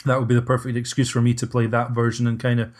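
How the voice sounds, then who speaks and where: A man's voice: medium pitch, completely flat delivery, fast. A man hosting a casual podcast discussion, hesitant and often restarting his sentences. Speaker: podcast host.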